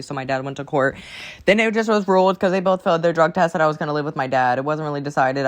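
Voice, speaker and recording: A teenage creator from Alabama does a draw-my-life storytime, chatty and rambling, swearing often and getting distracted while drawing. The voice is medium-pitched and a bit bright.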